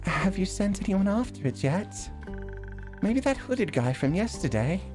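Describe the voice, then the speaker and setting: Man playing an eager young elf adventurer, raised pitch, stammering, hesitant, very lively intonation. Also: measured pace, music in the background. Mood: curious. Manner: hesitant, stammering, talks itself in circles.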